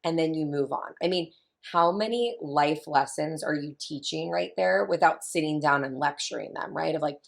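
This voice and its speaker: A woman in her thirties with a low voice and a touch of vocal fry. She talks chattily and with emphasis, circling back to repeat her main points as a guest. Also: normal speed, hardly any pauses. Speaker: family consultant guest. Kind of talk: casual interview talk.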